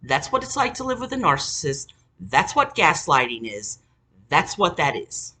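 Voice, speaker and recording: A very animated woman with a deep, sharp, slightly rough voice talks at a normal speed. She tells a family story to the camera as a sarcastic, exasperated rant loaded with curse words.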